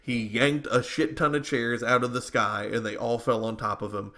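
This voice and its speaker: A male podcast co-host talks in loose, opinionated chat, circling back and restarting his thoughts as he goes. His voice is bright and a little tense. It sits at an ordinary middle pitch. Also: steady tone, moderate pace. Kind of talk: casual wrestling commentary chat.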